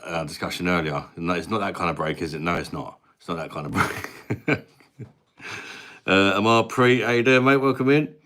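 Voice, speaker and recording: A low-pitched, slightly bright voice belongs to an English man in his thirties hosting a relaxed live stream at his mum's house. He's chatty and friendly like a mate, responding to comments and naming viewers aloud.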